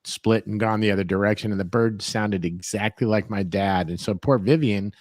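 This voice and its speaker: A man's voice: lowish voice, moderate pace, no echo, clean studio sound. A man co-hosting a casual chat, teasing the others and telling stories on tangents. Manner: teasing, storytelling, goes off on tangents.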